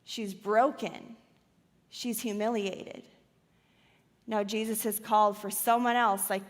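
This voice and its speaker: Woman pastor, slow dramatic sermon storytelling, long church-hall reverb. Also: medium pitch, fairly even intonation. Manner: dramatic retelling, swings from loud to hushed. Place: church auditorium.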